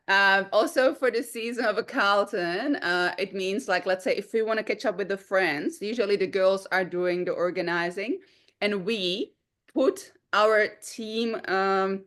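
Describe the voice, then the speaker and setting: Chatty woman, mid-pitched voice. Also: a bit bright. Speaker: guest. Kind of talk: casual chat on a video call.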